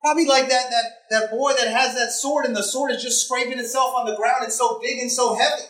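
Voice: medium pitch, fairly even intonation, a little fast, fairly bright tone. A preacher delivering a conversational sermon, retelling a scripture story with emphatic repetition and rhetorical questions. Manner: emphatic, repeats phrases for effect.

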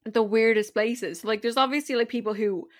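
Slightly drunk woman cohosting a podcast, giggly and laid back, bit high voice. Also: fairly even intonation, moderate pace. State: tipsy. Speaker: podcast co-host. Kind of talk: casual chat.

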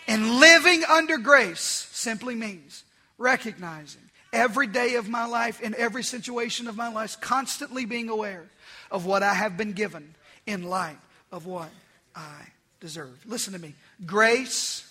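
A male pastor preaches a sermon with an extremely high-pitched voice. He is emphatic, repeating key phrases and swinging between loud declarations and hushed asides.

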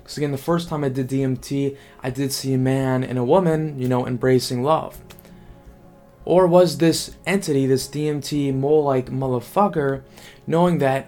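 A young man talking casually to camera as a vlogger, rambling and excitable, full of fillers and swearing. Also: mid-range voice, normal speed, soft background music.

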